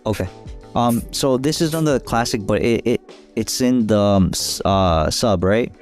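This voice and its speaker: Man, lowish voice, casual podcast co-host, faint music. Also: unhurried, a little mellow.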